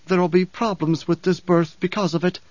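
A man voicing a fierce young pregnant desert-warrior woman, raspy and threatening, in an audiobook reading. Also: sits high, steady tone, a little fast, a little mellow, no echo, dull audio, voice pushed up, close to an everyday voice. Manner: intense, threatening.

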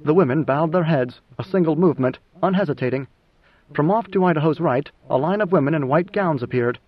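A man reads an audiobook in a measured, even storytelling manner. His voice sits high for a man, and the recording has a dull, lo-fi tone. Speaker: audiobook narrator. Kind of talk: scripted audiobook narration.

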